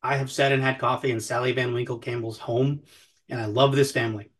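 A man's voice: medium pitch, little pitch movement, fairly quick. A man co-hosting a casual podcast, talking whiskey in a sarcastic, profane and mock-threatening way. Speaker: podcast co-host, whiskey commentator.

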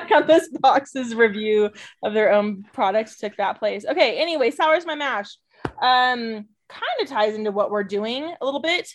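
A woman co-host in casual podcast chat, her voice sitting a little high. She talks animatedly and swears freely, and slows down when she reads tasting notes. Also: animated. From mountain ski town.

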